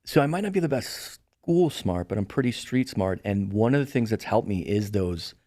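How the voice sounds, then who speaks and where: A middle-aged real estate broker appears as a podcast guest, telling stories in a casual chat and animatedly acting out the voices of people he quotes. His voice is fairly low and his speed normal, recorded in a clean studio with no room sound.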